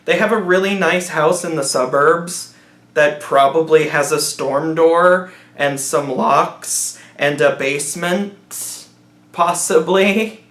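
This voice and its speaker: Man, rambling mocking film review, fairly high voice, roomy echo. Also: takes it slowly, a bit bright. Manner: rambling, mocking, acts out characters in silly voices. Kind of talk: sarcastic movie review rant.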